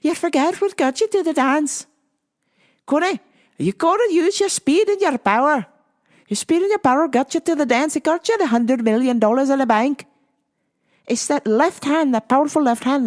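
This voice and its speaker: A woman's voice: high-pitched, animated, normal speed, pitched above the performer's own voice. A woman putting on a hyped Irish fight fan. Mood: fired up. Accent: Irish, put on. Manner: loud, hyped, repeating itself. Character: rowdy, fired-up Irish fight fan pep-talking a fighter.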